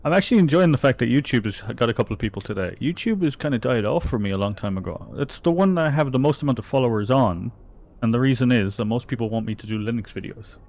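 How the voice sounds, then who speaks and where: While gaming on stream, this Irish man from the Republic of Ireland chats casually, reads out viewer comments and laughs a lot. He talks quickly with lively intonation and hardly any pauses, his mid-range voice slightly mellow.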